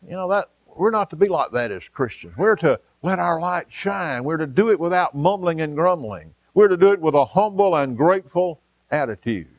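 A man preaching a folksy sermon, pausing often with "uh" and telling homespun stories. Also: on the high side, animated, dry recording, muffled recording. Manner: folksy, storytelling, frequent "uh" pauses. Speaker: pastor.

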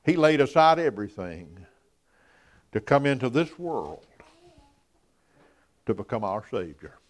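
A man's voice: mid-range voice, big pitch swings, a little slow. Man, preacher, sermon; folksy storyteller, emphatic. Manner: folksy storyteller, emphatic, rising to loud peaks.

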